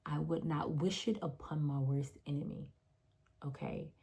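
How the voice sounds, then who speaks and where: Woman, phone selfie vlog, husky, gravelly, slow, emotional testimony. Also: sits low, fairly even intonation, mellow. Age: adult, mother of three. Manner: emotional, earnest, repeats phrases for emphasis. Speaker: vlogger sharing a personal story. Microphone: phone front camera.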